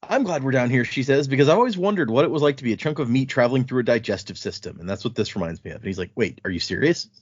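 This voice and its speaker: A man's voice: mid-range voice, lively intonation, very fast, few pauses, husky, no room sound. Man casually retelling a story, lo-fi audio. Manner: retells the plot in loose paraphrase, swears, laughs often. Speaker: podcast co-host recapping book chapters. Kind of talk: casual chat. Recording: dull, slightly lo-fi podcast audio.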